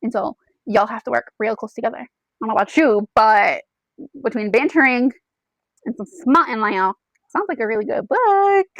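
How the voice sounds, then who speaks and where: Chatty woman, higher voice. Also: lively intonation, moderate pace, fairly bright tone, no echo, poor audio. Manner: chatty, addresses the listener as "you" with frequent "like". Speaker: book reviewer. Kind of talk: casual plot retelling to camera.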